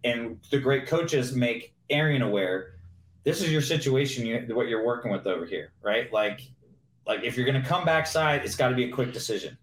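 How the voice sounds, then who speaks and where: A man and former pro football player telling lively, fast-moving stories as a guest in a casual interview. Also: medium pitch. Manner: animated, quick anecdotes. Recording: roomy echo.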